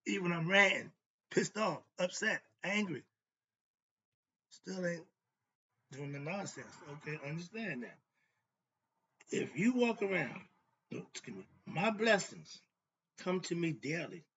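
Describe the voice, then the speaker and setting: Gravelly, bright-voiced older man preaching. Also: high voice, very animated, a little slow, pauses often, a little hiss or hum. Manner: emphatic, repetitive, asks himself rhetorical "why?". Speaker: self-described spiritual teacher. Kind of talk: casual spoken monologue. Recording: dull lo-fi recording.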